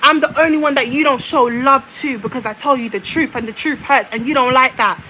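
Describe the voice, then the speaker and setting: A woman's voice: sits high, a little fast, bright, forceful tone, a little hiss or hum, rough recording. A woman, venting to her viewers in a confrontational rant, repeating herself as she speaks directly to her mother. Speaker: vlogger.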